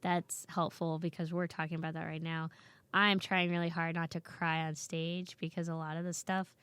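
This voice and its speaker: A woman comedian in her thirties talks casually on a podcast, telling animated stories. Her voice sits a little low. The sound is dry and close, with no room echo. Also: moderate pace, clean tone. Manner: animated storyteller, acts out quoted voices. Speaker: comedian guest.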